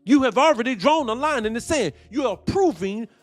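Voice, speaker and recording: Heated guy w/ aave on his commentary stream, high voice swinging all over, cusses a lot. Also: expressive, fairly quick, dry recording. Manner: heated, profane, preaching cadence. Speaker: commentary show host. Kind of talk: live-stream commentary with viewer shout-outs.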